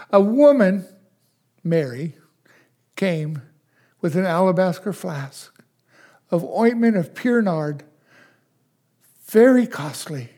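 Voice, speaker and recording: An older man preaching a sermon as pastor, asking his listeners question after question and dropping to a hush at times. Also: high voice. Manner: slow, questioning preacher who swings from loud to hushed.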